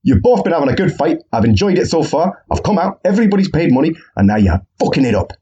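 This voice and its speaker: A man putting on a fussy, prim boxing referee who scolds two fighters in a high, prissy voice. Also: sing-song, fast, dark tone, slightly rough, muffled recording. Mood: scolding.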